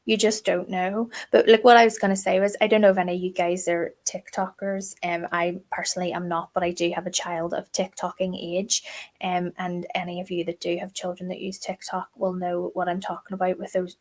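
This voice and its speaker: A woman's voice: lowish voice, flat delivery, fairly quick. Middle aged woman chatting true crime, emphatic storyteller, lots of um and like. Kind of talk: casual chat.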